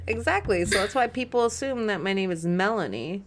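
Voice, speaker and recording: A woman's voice: medium pitch, animated, moderate pace, a little hiss or hum. A young adult woman co-hosting a casual podcast, reading chat comments with giggles and lots of ums and likes. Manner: giggly, rambling, many "um"s and "like"s.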